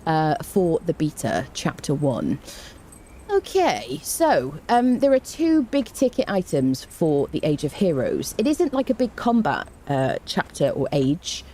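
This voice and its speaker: Low mellow British woman streamer. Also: sing-song, unhurried, slight background noise. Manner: chatty, greets viewers, frequent ums and self-corrections. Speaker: game streamer. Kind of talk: live-stream chat and reading patch notes.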